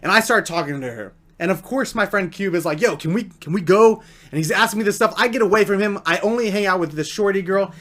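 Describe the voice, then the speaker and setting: Young male vlogger with a high voice, animated and slangy storyteller. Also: fast, few pauses. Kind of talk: storytime vlog.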